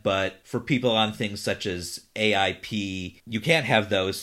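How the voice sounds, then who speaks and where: A man's voice: lowish voice, fairly bright tone. A man hosting a podcast interview, asking long questions and affirming his guest's points. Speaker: podcast host.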